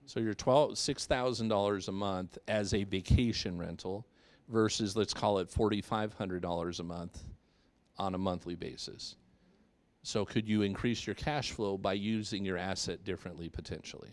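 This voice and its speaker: Male real estate presenter, low-ish voice, patient explainer at a live seminar. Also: normal speed. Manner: explanatory, checks in with okay.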